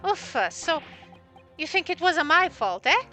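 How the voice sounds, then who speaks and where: A woman's voice: very high-pitched, big pitch swings, moderate pace, sharp tone, soft background music, pitched above the performer's own voice, exaggerated voice. A woman voicing a panicky, whimpering male crook with a put-on Italian accent. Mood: pleading. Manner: whimpering, stammering, pleading.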